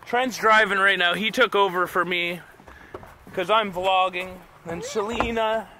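A man vlogging with his family, talking excitedly to a handheld camera. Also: sits high, unhurried. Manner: excitable, exclaiming, narrating to the camera. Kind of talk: casual family vlog. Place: outdoors in a built-up area. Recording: outdoor ambient noise.

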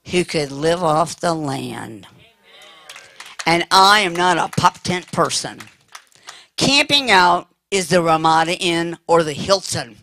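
A woman preacher giving a chatty sermon, dropping to a hush on prayers. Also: lowish voice, no echo. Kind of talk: sermon with retold story. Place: church.

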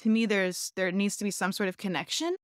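A woman's voice: mid-range voice, expressive, brisk, dry recording, clean studio sound. A woman, a rope artist, talking openly and earnestly about her work in a conversational interview, often restarting her phrases. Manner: earnest, open, with many restarts and "like". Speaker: shibari artist, guest.

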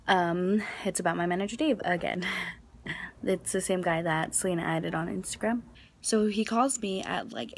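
A young woman vlogging for her viewers, chatty and rambling as she tells a story. She fills her pauses with ums and keeps the talk loose and casual. Faint outdoor ambience sits behind her voice. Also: mid-range voice, a little hiss or hum. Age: young adult. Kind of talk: casual daily vlog. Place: outdoors for part of the vlog.

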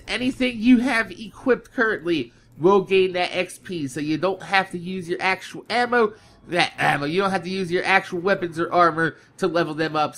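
A man's voice: high-pitched, bright, forceful tone, a little hiss or hum. A man hosting a gameplay video, rambling casually with lots of swearing and frequent laughs. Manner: profane, rambling, laughs often.

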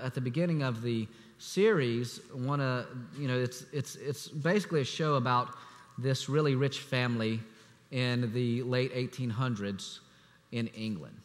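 A man preaching a sermon as assistant pastor, speaking conversationally with restarts and fillers, sometimes dropping to a hushed voice. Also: medium pitch. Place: church sanctuary. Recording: echoey church hall.

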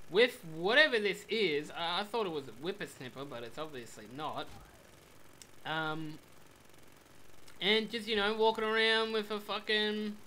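A young man giving rambling, swear-heavy commentary on a game, with sudden loud outbursts. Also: high-pitched, slight background noise. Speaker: gameplay commentator. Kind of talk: casual let's play commentary.

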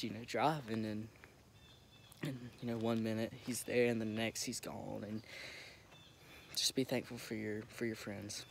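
A young man recording himself on his phone, talking haltingly with many restarts as he holds back tears. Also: lowish voice, vocal fry. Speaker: vlogger. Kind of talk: emotional direct-to-camera update. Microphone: phone camera. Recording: phone recording with noticeable background noise.

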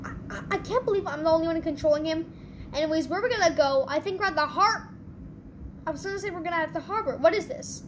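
A woman hosting her channel, giving excitable gameplay commentary with quick reactions. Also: very high voice, background noise. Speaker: channel host.

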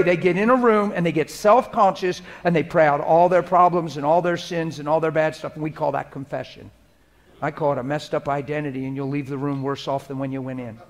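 A male preacher with a high-pitched voice delivers a sermon. He swings from loud, urgent exhortation to soft, intimate prayer spoken as if alone with God.

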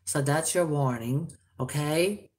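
Woman vlogger, low and unhurried; chatty, rambling doll reviewer with a sharp edge. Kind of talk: casual doll review vlog.

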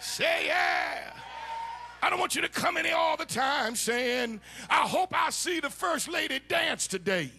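A man preaching a sermon, shouting and chanting his lines in a sung, call-and-response cadence. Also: very high-pitched, expressive, a little slow, creaky, slight background noise. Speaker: bishop preaching. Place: church sanctuary.

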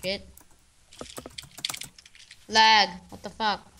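A woman's voice: mid-range voice, level tone, extremely slow, bright, forceful tone, slight background noise. A woman chatting casually while playing a game with friends, bubbly and given to squeals and chants. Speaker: gamer. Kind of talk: casual gaming chat.

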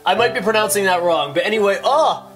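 A young man in a casual vlog, talking in an excitable, animated way and swearing often. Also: sits high, a little fast, music in the background. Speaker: YouTuber.

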